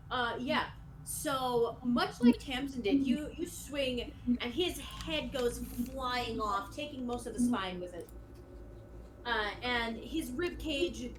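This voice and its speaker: Woman dungeon master narrating casually. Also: a little high. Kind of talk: narrating a tabletop game. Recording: noisy background.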